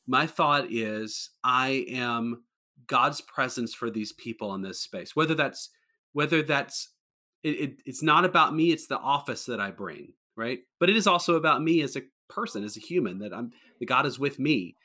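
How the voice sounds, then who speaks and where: A man's voice: medium pitch, lively intonation, moderate pace, sharp tone. A man, a pastor, talking earnestly in a casual podcast conversation, often restarting his sentences. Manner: earnest, rambling with many restarts.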